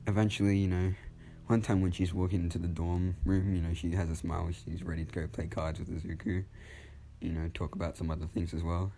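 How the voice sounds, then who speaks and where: A man's voice: deep voice, flat delivery, fairly quick, creaky, warm tone, a little hiss or hum. A man telling a fan story off the cuff, rambling casually and correcting himself as he goes.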